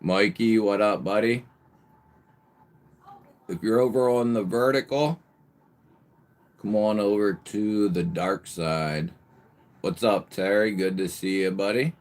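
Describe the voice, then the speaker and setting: Male livestream host, low voice, slow easygoing delivery, calls out chatters by nickname, bursts of emphasis. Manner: occasional mild swearing. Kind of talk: casual live chat with viewers.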